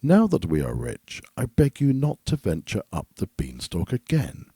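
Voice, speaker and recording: A man's voice: lowish voice, wildly swooping pitch, moderate pace, warm tone, slightly rough, no echo, clean studio sound, voice pushed up, full character voice. A man voicing Jack's mother, an anxious widow in a storybook reading, pleading with her son.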